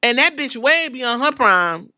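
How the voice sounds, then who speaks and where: A woman hosting a podcast, ranting in casual commentary with an incredulous, profane, animated manner. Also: high voice, measured pace, no room sound, studio quality. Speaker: podcast host.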